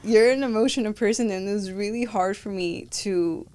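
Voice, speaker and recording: Woman guest telling lively stories. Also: medium pitch, moderate pace. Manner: animated storytelling, acting out quoted dialogue. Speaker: podcast guest. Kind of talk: casual podcast chat.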